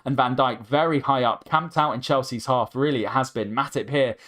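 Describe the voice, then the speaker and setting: A man hosting a fan watchalong, calling the match play by play and breaking into excited cries at every chance. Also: mid-range voice, brisk. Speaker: host.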